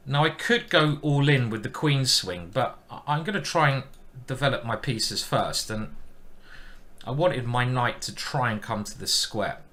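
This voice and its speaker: A man's voice: mid-range voice, sharp tone. A man giving chatty live-stream commentary on his own chess game, thinking aloud and poking fun at himself.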